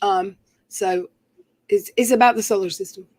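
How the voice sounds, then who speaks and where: A woman's voice: medium pitch, fairly even intonation, normal speed, darkish tone, dry recording. A woman from North Carolina, hosting a live stream and chatting casually in a rambling way with lots of fillers. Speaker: stream host.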